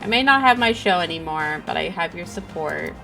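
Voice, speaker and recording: A woman's voice: on the low side, lively intonation, a little fast, vocal fry, music in the background, rough recording. A woman voicing a smug, out-of-touch older male TV host who runs an awards show with corny showbiz patter. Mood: smarmy.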